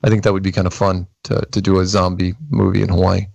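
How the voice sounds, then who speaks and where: A man's voice: sits low, flat delivery, fast, vocal fry, a little mellow, no echo. A man hosting a live call-in show, chatting casually and laughing easily with callers. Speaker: show host.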